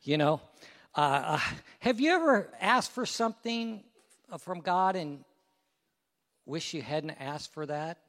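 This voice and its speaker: A man preacher delivers a sermon in a fairly high, lively voice that swings widely. He takes his time over each phrase. His words trail off into the long reverb of a church hall. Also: takes it slowly, long pauses. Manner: storytelling, rising to loud peaks and dropping to hushed prayer. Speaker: pastor.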